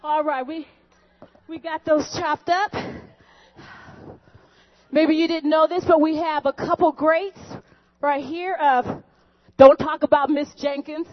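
A woman's voice: high-pitched, steady tone, slow, long pauses. A woman hosting a comic cooking show skit, chatty and joking with the viewers. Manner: chatty, jokey, talks to viewers. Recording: dull lo-fi recording.

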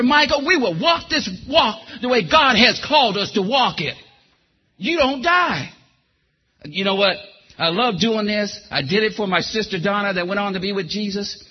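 Man, preacher, sermon, husky, animated, asks listeners questions. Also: high-pitched, dull audio. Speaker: preacher giving testimony.

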